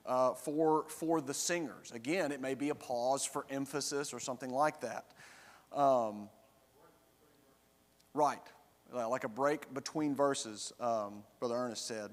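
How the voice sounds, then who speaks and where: Man teaching a church Bible class. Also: medium pitch. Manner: explains verse by verse, checks in with the class with "right?". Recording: long reverb of a church room.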